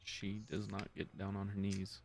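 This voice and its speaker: A man with a lowish voice runs a tabletop game, narrating outcomes in a casual, halting way. He restarts phrases often and breaks into laughs. Faint music plays behind him. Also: monotone. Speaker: game master.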